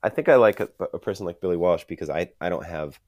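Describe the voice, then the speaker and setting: A man's voice: low voice, lively intonation, fast talker, darkish tone, no room sound. A young man co-hosting a podcast, chatting casually and enthusiastically and acting out quotes. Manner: enthusiastic, acts out quotes, says "dude". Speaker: podcast co-host. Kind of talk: casual chat.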